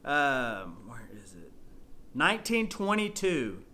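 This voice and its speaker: A man, chatting excitedly as he shows off his finds in a casual vlog. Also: medium pitch, slow, a little hiss or hum. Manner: excitable, chatty, says y'all. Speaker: storage unit reseller vlogger. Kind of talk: casual show-and-tell vlog.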